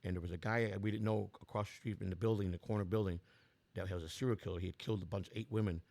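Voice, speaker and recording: A man's voice: deep voice, fairly even intonation, rapid-fire, darkish tone. A man in his sixties with a strained voice, telling his life story in a blunt, rambling way with many restarts. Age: 60s. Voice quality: gravelly. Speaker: political candidate. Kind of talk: personal storytelling.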